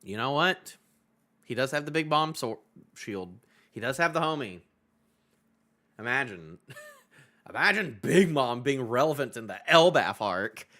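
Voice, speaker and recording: A man's voice: mid-range voice, sing-song, measured pace, long pauses, pushed and bright. A man streaming a live manga reaction, reading panels aloud, joking about them and laughing often. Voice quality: voice clear, no longer hoarse.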